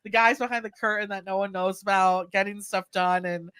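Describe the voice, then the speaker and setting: A woman's voice: medium pitch, fairly even intonation, a little fast, a bit bright, smooth. A woman telling industry stories in a casual podcast chat, with many fillers and restarts. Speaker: guest co-host.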